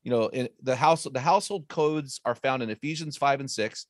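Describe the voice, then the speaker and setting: A man, an author and guest, teaching on faith and marriage in an emphatic, preacherly way with quick asides. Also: mid-range voice, no room sound, clean studio sound.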